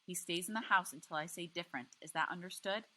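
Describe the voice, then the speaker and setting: A woman voicing a strict, protective mother who speaks quietly and sternly, reading a novel aloud. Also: fairly low pitch, fast talker.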